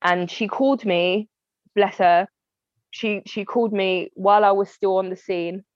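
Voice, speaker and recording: A woman's voice: mid-range voice, fairly even intonation, unhurried, no room sound. A woman, telling a personal family story to an interviewer in a candid, heartfelt way and often acting out what relatives said. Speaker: interview guest. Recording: dry, slightly dull lo-fi sound.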